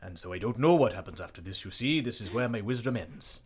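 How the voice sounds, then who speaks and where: A man voicing a pompous old male goldfish sensei with a Welsh accent, speaking low and grave. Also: expressive, quick pace, a little mellow, close to an everyday voice. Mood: ominous.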